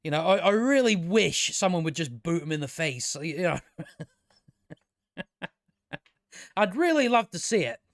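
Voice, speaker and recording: A man's voice: high voice, very animated, measured pace, long pauses. A man giving a rambling, sweary, mocking commentary while reviewing a show. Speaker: video reviewer. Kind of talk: casual commentary over clips.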